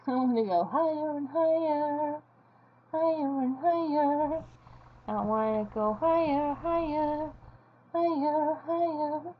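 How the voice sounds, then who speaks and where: A woman voicing a little mouse that sings gleefully about going higher, in a high sing-song chant. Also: slow pace, narrow, tinny audio, a little hiss or hum.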